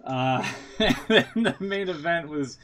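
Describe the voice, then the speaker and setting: A man's voice: a little high, expressive, slow, a bit bright, a little hiss or hum. A man co-hosting a podcast in casual chat, rambling through results with jokes and laughs at his own bits. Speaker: podcast co-host.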